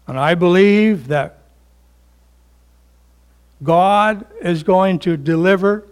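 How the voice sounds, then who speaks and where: An older man preaching a sermon as pastor, slow and emphatic, rising to fervent peaks and dropping to hushed tones. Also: sits high, smooth.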